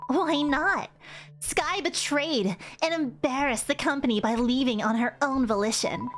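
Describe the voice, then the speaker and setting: Casting: woman doing a smug, high-voiced corporate villainess, sweetly menacing. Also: a little slow, soft background music. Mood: scornful. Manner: smug, purring yandere-style menace. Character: scheming female corporate boss villain. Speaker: streamer voicing game characters.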